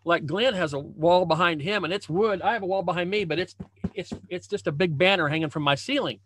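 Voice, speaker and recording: Talking from a home room backed by a hanging banner, this man, a leadership coach, delivers a motivational video-call talk. His voice sits high and a bit bright, fairly quick, with slight hiss or hum, and his casual speech is full of repetitions and restarts.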